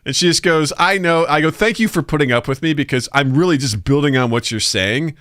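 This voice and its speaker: A podcast co-host with a fairly high voice and a quick pace tells stories in casual chat, acting out voices and laughing often. The recording has clean studio sound with no echo.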